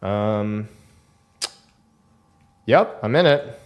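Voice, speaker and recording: A man co-hosting a live coding stream, easygoing and teasing, with quick short replies. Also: on the low side, animated, highs cut off. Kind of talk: casual technical chat.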